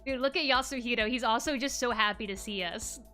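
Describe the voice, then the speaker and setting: A woman's voice: fairly high pitch, fairly quick, bright, forceful tone. A woman streaming a game in casual commentary, playful and laughing often as she reads lines aloud. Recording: faint music in the background.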